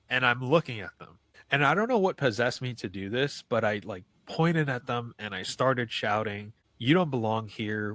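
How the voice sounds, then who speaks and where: A man's voice: medium pitch, a bit bright, dry recording. A man, telling a personal ghost story in a loose, conversational way as a podcast guest. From New York City. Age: 30s. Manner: loose and conversational, many "like" fillers and restarts. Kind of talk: casual storytelling of a paranormal experience.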